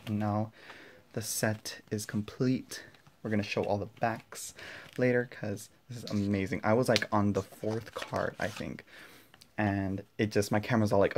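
A young man unboxing and walking through a card deck at home, excitable and gushing, often dropping to a hushed voice so his family won't hear. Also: lowish voice, measured pace, a little hiss or hum. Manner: excitable, gushing, drops to whispers; talks quietly with family nearby. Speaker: tarot vlogger. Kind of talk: casual unboxing vlog. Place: indoor room at home.

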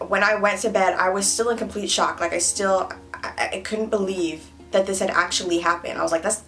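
A woman's voice: mid-range voice, fairly even intonation, fairly quick, fairly bright tone. A young woman from Canada narrating a casual vlog with gushing, emphatic fan talk. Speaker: beauty vlogger.

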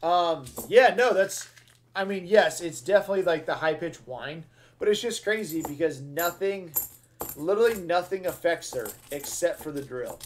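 A man hosting a live coin-hunting stream and chatting casually with viewers. He talks in an excitable, slangy way, with loud bursts of cheer between easygoing chatter. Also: a little high, moderate pace, slight background noise.

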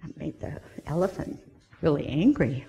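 A woman telling a children's story in church, expressive, with dramatic gasps and whispers. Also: deep voice, normal speed, gravelly. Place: church sanctuary.

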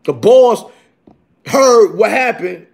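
A man telling a rough, profane story in a casual, animated way, punctuated by "you heard?". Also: high-pitched, slow pace. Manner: animated, repeats "you heard?", bursts into shouting.

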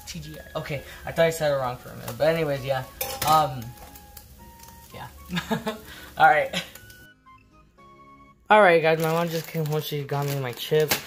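Lady vlogging in her kitchen, kinda low voice, rambly and giggly, lil bit of music playing behind. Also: a little slow, long pauses. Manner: rambling, giggly, full of fillers. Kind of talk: casual chat to camera. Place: home kitchen.

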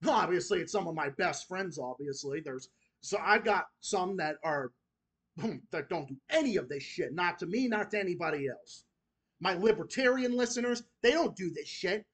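A man's voice: high voice, expressive, normal speed, a bit bright, breathy edge. A man hosting his own channel, delivering an angry, profane, repetitive rant that goes straight at his critics. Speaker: channel host.

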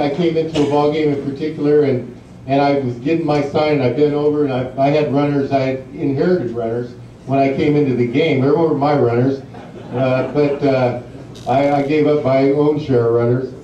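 A man's voice: fairly high pitch, fairly even intonation, normal speed, dark tone, a little hiss or hum. Man telling stories in an echoey hall. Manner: rambling anecdotes, many fillers, laughs at his own stories. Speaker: guest speaker at an induction ceremony. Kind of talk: storytelling speech. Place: large banquet hall. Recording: distant, muffled, echoey hall recording.

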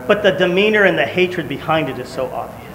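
A male preacher with a bright, high voice delivers a fast sermon, telling stories animatedly and shouting when he acts out quotes. The sound is echoey, recorded in a church hall with faint room noise.

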